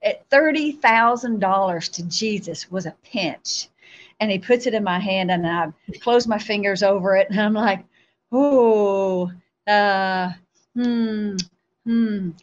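A woman, a guest on a show, telling a spiritual testimony in an animated storytelling way, acting out her own replies. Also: medium pitch, normal speed, dull audio.

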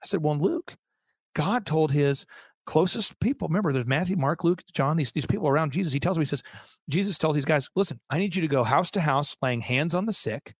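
A man with a high voice tells an animated anecdote as an interview guest. He acts out the people he quotes and restarts his sentences often. The sound is dry and close. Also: a little fast, slightly rough, no room sound. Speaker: interview guest, event organizer. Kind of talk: fast storytelling anecdote.

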